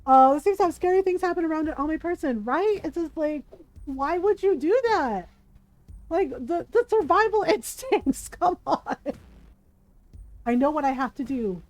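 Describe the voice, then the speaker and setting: A woman streaming a game, chatting casually and telling stories in an animated, laughing way. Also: sits high, normal speed, no room sound, low-quality recording. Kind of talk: casual gameplay commentary and storytelling.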